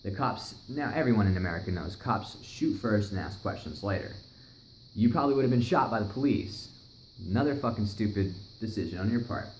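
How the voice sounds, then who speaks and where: A man's voice: on the low side, a little fast. A young man casually telling a wild story, swearing a lot and acting out what people said. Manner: profane, animated, acts out other people's lines. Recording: echoey room, faint noise.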